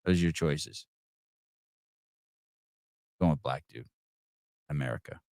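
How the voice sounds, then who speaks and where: A man's voice: extremely low pitch, slow, darkish tone, clear, resonant tone, dry recording, studio quality. A middle-aged man hosting a live call-in podcast, ranting bluntly and profanely with rambling restarts. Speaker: podcast host. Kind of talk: live call-in show commentary.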